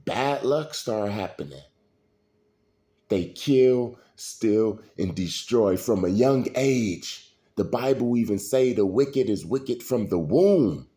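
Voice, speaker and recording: A middle-aged man, telling stories in a slow, preachy street style. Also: on the low side, lively intonation, warm tone. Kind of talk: casual storytelling monologue.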